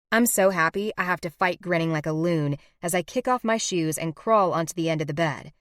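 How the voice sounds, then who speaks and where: Low-voiced woman narrating a romance. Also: animated, normal speed, fairly bright tone, dry recording, clean studio sound. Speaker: audiobook narrator. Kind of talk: scripted first-person narration.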